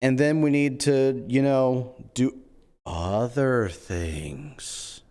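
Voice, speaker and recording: A man streaming in-character role-play chat, excitable and scheming, cracking quick jokes. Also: mid-range voice, clear, resonant tone.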